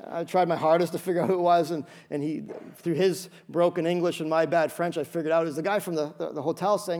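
A male pastor preaching a sermon, telling stories in an animated way with many quick restarts. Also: fairly high pitch.

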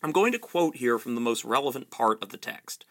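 Man narrating a video essay, dry wit, lively pitch, gravelly. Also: brisk. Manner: dry, wry humor.

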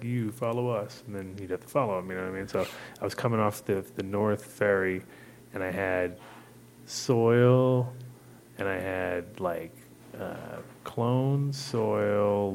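A man's voice: on the low side, vocal fry, slight background noise. A man from New York telling a profane, laughing story in a casual podcast chat, acting out the people in it. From New York, USA.

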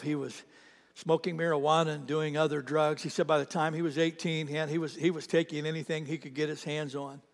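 A man's voice: fairly high pitch, vocal fry. A man preaching a sermon as a pastor, telling stories earnestly and repeating words as he builds them. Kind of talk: sermon storytelling. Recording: long reverb of a large hall.

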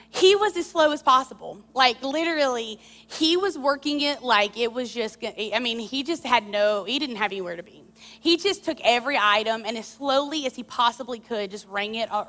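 A woman's voice: on the high side, long reverb tail. Candid woman preacher telling a story. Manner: candid, animated storytelling with confessional tone. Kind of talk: sermon with personal story.

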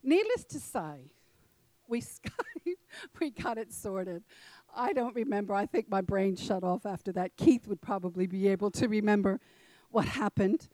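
Lively woman telling a sermon story. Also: medium pitch, normal speed, no room sound, low-quality recording. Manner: animated, laughing storyteller speaking to a congregation. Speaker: church speaker.

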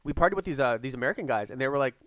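A man's voice: mid-range voice, expressive, very fast, fairly bright tone, no room sound, clean studio sound. A Canadian man in a casual chat, rambling through a travel story with lots of fillers.

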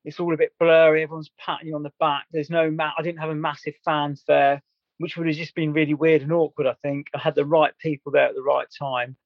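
A man's voice: fairly high pitch, level tone, quick pace, vocal fry, dry recording, highs cut off. A man earnestly recounting a story in a candid podcast chat, rambling and restarting as he goes. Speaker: guest.

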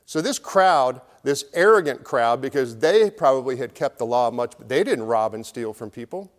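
A man's voice: medium pitch, expressive, moderate pace. A middle-aged man, a pastor, preaching a conversational, storytelling sermon. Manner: conversational, storytelling preaching with acted crowd voices. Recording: long hall reverb.

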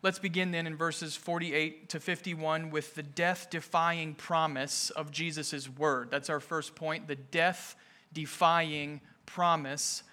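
A male pastor delivers a sermon in a high, bright voice. He speaks slowly and deliberately, leaning hard on repeated phrases and climbing to forceful, emphatic moments. His tone stays earnest and intent throughout. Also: steady tone. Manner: emphatic, building to raised intensity.

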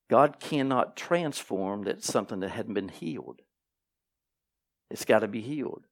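A man preaching a sermon to his congregation, animated and repeating key phrases, with playful asides. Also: lowish voice. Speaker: pastor. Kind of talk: sermon teaching. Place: church sanctuary.

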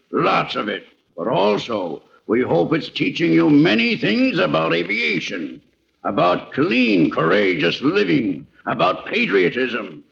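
A man earnestly reading a sponsor's holiday letter on an old radio program, in a deliberate, formal manner. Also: fairly high pitch, creaky, fairly bright tone. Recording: dull, faintly hissy old radio recording.

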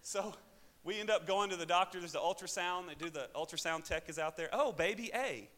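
A man with an Arkansas accent, a pastor telling a personal testimony in a sermon, moving between loud preaching and quiet asides. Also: sits high, fairly even intonation, a little fast. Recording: hall reverb.

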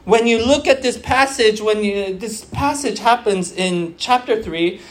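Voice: medium pitch, unhurried. A preacher of Korean background giving an earnest sermon to young churchgoers, repeating phrases for emphasis and restarting often with fillers.

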